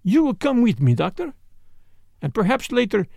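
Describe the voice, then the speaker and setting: A man's voice: high voice, huge pitch swings, normal speed, gravelly, a little mellow, dry recording, studio quality, voice pushed up, exaggerated voice. A man voicing a sly, courteous foreign detective who speaks formally and blandly.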